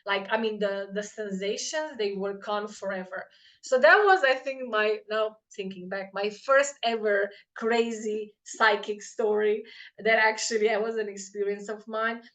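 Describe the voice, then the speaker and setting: A woman in casual conversation, telling a personal story with lots of fillers and animated quoted voices. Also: mid-range voice, measured pace. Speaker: podcast host.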